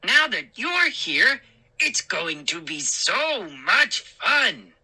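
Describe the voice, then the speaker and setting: A woman voicing small, gleeful, mischievous gnomes with shrill, sneering, giggly voices. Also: very animated, drawn-out words, sharp tone, slightly rough, heavily acted.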